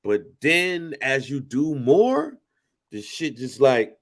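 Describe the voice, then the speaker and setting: A man co-hosting a podcast tells a story at a slow pace and medium pitch. His casual delivery is animated, heavy on slang, and full of swearing.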